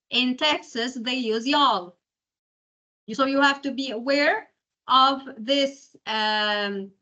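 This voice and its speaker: Bright-voiced lecturer. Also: female voice, fairly high pitch, dull audio. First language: Arabic. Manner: explanatory, keeps checking in with "okay?". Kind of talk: university lecture.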